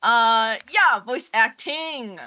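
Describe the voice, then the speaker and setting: A woman's voice: fairly high pitch, very slow, sharp tone. A woman in her twenties streaming in a casual chat, giggly and slangy with lots of laughter. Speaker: vtuber streamer.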